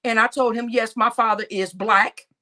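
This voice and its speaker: A woman's voice: a little high, moderate pace. Profane, fired-up woman venting to viewers. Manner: animated, profane storytelling rant; talks straight to her audience as y'all. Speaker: channel host.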